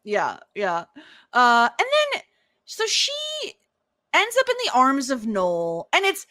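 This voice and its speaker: A woman hosting a podcast, chatting casually about a TV episode, animated and laughing often as she acts out lines. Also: a little high, slow pace, no room sound, clean studio sound. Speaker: podcast host. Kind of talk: casual chat recapping a TV episode.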